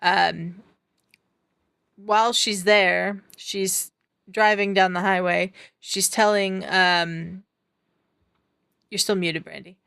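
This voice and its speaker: A woman co-hosting a podcast, chatting through a TV episode recap on a video call and filling pauses with ums. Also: medium pitch, fairly even intonation, gravelly, a bit bright, clear, resonant tone, dry recording, clean studio sound. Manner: chatty, retells scenes with filler ums. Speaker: podcast co-host. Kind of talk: casual recap chat.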